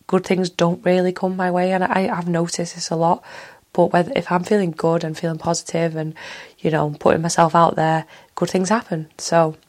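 Mancunian woman in her 30s chatting on her own podcast, lowish voice, rambly and blunt, swears a bit. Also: level tone, normal speed, darkish tone. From Manchester, England. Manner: rambling, drifts from one story to another; outspoken, frank and swears casually. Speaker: podcast host. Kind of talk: casual solo podcast chat.

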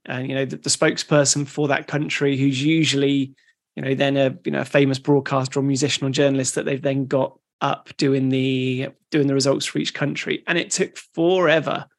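Male podcast co-host, gravelly, loose and rambling. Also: mid-range voice, flat delivery, a little fast. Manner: rambling, with frequent restarts. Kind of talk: casual educational chat.

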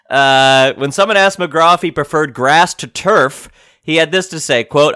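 A man hosting a podcast, casually reading out sports quotes and reacting with loud disbelief and swearing. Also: fairly high pitch, takes it slowly. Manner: incredulous, swears and reacts loudly. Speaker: podcast host.

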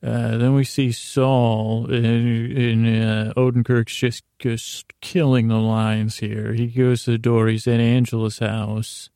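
A man's voice: medium pitch, flat delivery, slow, hardly any pauses, warm tone, clear, resonant tone, no room sound, studio quality. A man from Syracuse, New York, hosting a sleep podcast, telling a meandering bedtime story in a rambling way full of fillers and restarts.

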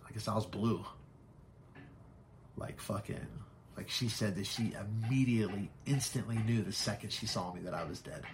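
Low gravelly man, frank storyteller. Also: a little hiss or hum. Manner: frank, swears often, halting with fillers. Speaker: podcast guest. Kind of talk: candid personal storytelling.

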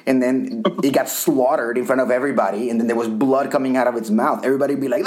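A man's voice: medium pitch, racing, hardly any pauses, darkish tone. A man from Colombia co-hosting a podcast, rambling in casual chat with frequent restarts and casual swearing. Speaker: podcast co-host.

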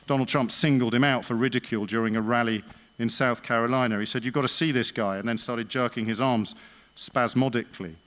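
A man delivers a speech to an evening crowd in a voice of ordinary, middling pitch. He is sardonic and emphatic, asks pointed rhetorical questions, and slows down to land his punchlines. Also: fairly even intonation, fairly bright tone. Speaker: speaker at an evening event. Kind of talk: public speech with anecdote.

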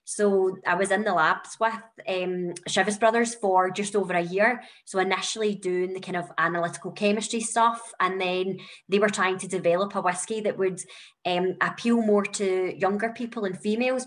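A woman's voice: lowish voice, fairly even intonation, moderate pace. A young woman with a Glasgow accent, chatting as a podcast guest and telling stories with plenty of fillers. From Scotland. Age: young adult. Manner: chatty storyteller, lots of fillers. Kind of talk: conversational podcast interview.

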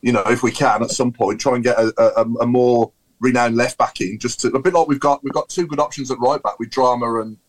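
A man's voice: mid-range voice, steady tone, brisk, hardly any pauses, low-quality recording. A man on a video call giving his views in a casual football chat podcast, rambling and opinionated. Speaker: podcast panelist.

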